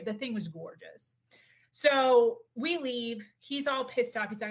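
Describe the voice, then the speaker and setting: A young adult woman telling a personal story in a casual, animated way, often saying "like" and acting out what people said. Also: mid-range voice, normal speed. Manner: animated, acts out quotes, says "like" often. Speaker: podcast guest.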